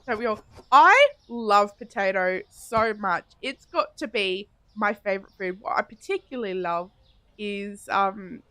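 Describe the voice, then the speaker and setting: With a mid-range, sharp-toned voice and a slightly slow pace, a woman chats casually with viewers while live-streaming a game, giggling a lot and thinking aloud as she goes. The recording is dry.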